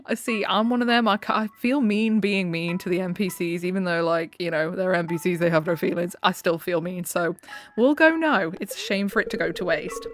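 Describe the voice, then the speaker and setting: A woman's voice: lowish voice, fairly quick, soft background music. A young British woman chatting casually and giggling as she plays a farming video game. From Britain. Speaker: gaming channel host. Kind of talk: casual gameplay chat.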